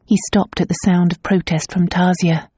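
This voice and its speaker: A woman narrating a romance novel audiobook in a calm, measured way. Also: lowish voice, slightly rough, no room sound, studio quality. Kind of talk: scripted narration.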